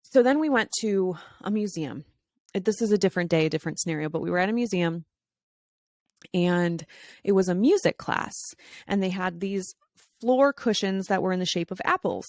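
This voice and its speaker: Woman, podcast host, casual storytelling, animated, quick voice shifts, dry close sound. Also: fairly low pitch, no room sound. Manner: chatty with frequent fillers and laughs.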